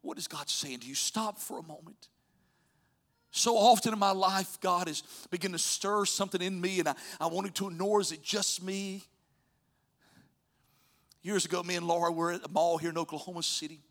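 A man's voice: high-pitched, normal speed. Man preaching with rising and falling intensity. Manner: storytelling preacher, swings from loud urging to soft near-whispers. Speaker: pastor. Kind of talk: sermon.

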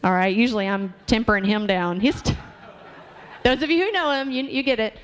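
A woman's voice: fairly high pitch, a little fast. Conversational woman preacher. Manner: conversational, asks the congregation questions. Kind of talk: sermon. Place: church.

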